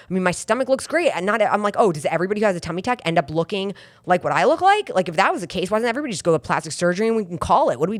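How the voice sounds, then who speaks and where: A middle-aged woman hosting a podcast, talking candidly and rambling in a casual motivational monologue with many restarts. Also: on the low side. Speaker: podcast host.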